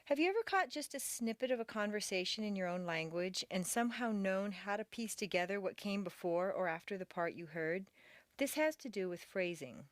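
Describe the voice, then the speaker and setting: A woman leads a recorded pronunciation lesson and reads each example slowly and deliberately. Her intonation swoops up and down well beyond normal speech, because she exaggerates it for learners to copy. The recording is dry and close, with no room sound. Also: medium pitch, lively intonation, dry recording. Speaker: accent training instructor.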